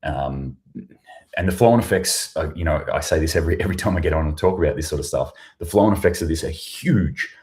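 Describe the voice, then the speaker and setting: An Australian man with a rumbling low, darkish voice speaks at a quick pace as he hosts a casual hotel-room livestream ahead of his news show. He rambles and throws out sarcasm and plenty of swearing.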